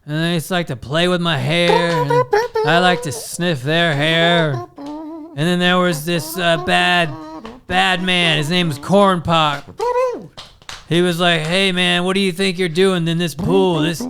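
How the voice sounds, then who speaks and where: A man voicing a rambling old male politician, telling a slow, drawling story. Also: sits high, gravelly, music in the background.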